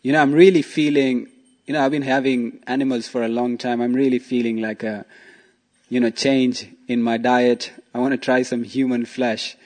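A man's voice: mid-range voice, little pitch movement, moderate pace, a little mellow, long reverb tail, close to an everyday voice. A man voicing a cunning, hungry male tiger in a told story, coaxing and pushy. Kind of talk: storytelling in a talk.

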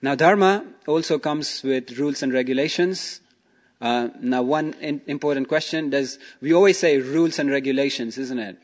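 A man's voice: mid-range voice, moderate pace. Chatty man giving a spiritual talk. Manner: chatty, asks rhetorical questions, frequent 'you know' and 'okay'. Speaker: spiritual teacher. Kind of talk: casual spiritual talk with storytelling.

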